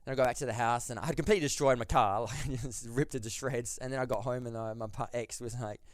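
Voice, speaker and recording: A man's voice: medium pitch, fairly even intonation, quick pace, no echo, studio quality. A man telling a story as a podcast guest, rambling, with lots of "like" and restarts. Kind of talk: casual storytelling.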